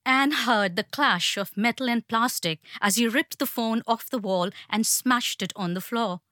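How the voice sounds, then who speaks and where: A woman narrating an audiobook in a measured, tense storytelling manner. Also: fairly high pitch, fairly bright tone, no room sound, studio quality.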